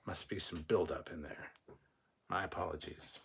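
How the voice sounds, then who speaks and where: A man hosts a casual livestream, reading viewer comments and wandering off into rants laced with swearing. His deep voice holds a steady tone, fairly bright yet creaky, at normal speed, with a little hiss or hum in the background.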